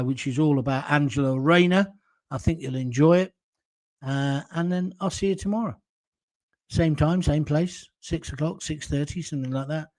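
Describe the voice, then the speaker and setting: A man's voice: a little high, dark tone, no echo. A middle-aged British man with a blunt, jokey manner, hosting a casual solo commentary show and reading out viewer comments. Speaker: show host.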